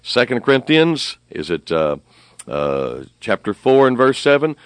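A man's voice: medium pitch, big pitch swings, unhurried, smooth, no room sound. A middle-aged man preaching a sermon on the radio, emphatic and repeating phrases for stress.

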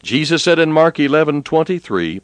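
A man preaching a sermon, rising and slowing down when he quotes scripture. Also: big pitch swings, no room sound. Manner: rises in pitch and slows down when quoting scripture.

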